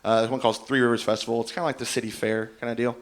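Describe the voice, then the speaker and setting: A man's voice: mid-range voice, level tone, rapid-fire. Rambling stand-up comic man. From Indiana. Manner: rambling, self-deprecating storytelling with many fillers. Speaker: stand-up comedian. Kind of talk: open-mic stand-up set.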